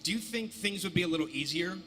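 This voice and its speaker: A man moderating a convention panel, friendly and brisk as he moves things along. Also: high voice, expressive, pushed and bright, a little hiss or hum. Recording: hall reverb.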